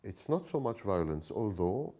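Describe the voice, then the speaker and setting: A man answering an interview question in a lecturing tone, with frequent pauses and restarts. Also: fairly low pitch, very animated, warm tone. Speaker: interview guest.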